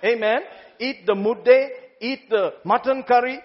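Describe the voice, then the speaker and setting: A pastor preaching an exuberant, laughing sermon in a large church hall. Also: male voice, extremely high pitch, normal speed. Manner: exuberant, laughing, exclaims hallelujah. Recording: muffled sound, long hall reverb.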